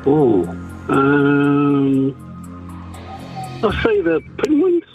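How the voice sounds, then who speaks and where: Gravelly New caller on a dull line. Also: male voice, a little high, huge pitch swings, darkish tone. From New Zealand. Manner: hesitant, halting, full of ums. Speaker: caller to a sports radio quiz. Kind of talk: casual phone-in chat. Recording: dull lo-fi phone line with faint music.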